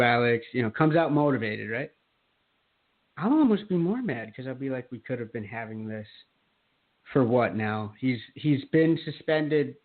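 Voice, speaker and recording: Profane ranting man on a tinny line. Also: mid-range voice. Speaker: podcast co-host. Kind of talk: casual chat. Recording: phone-like lo-fi sound.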